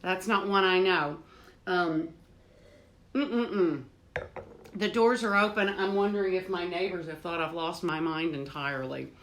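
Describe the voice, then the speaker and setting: A woman hosts a home cooking livestream from a home with the doors open, greeting viewers by name, laughing easily and breaking into hymns. Her voice is on the low side and a bit bright, at a measured pace, with slight background noise.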